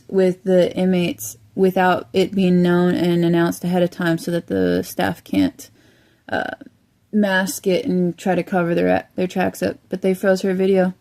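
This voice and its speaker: A woman's voice: lowish voice, a little mellow. A woman commenting on a shared video, earnest and urgent as she calls on listeners to help. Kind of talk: casual commentary.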